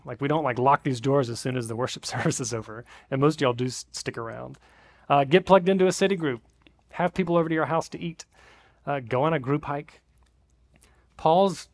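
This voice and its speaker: A man in his thirties preaching a sermon in a church, talking in a casual, conversational way. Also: medium pitch. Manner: conversational, re-enacting family greetings with big voices. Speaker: pastor. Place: church sanctuary.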